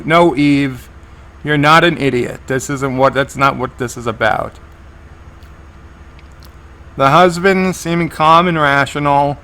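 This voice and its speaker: A man talks through a TV episode as he watches it, describing each scene as it plays out. His voice is bright and forceful at an ordinary middle pitch. He often stops and restarts his sentences while he keeps up with the action. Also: clear, resonant tone. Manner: narrates scenes as they play, with frequent restarts. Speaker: TV episode reviewer. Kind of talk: live reaction commentary.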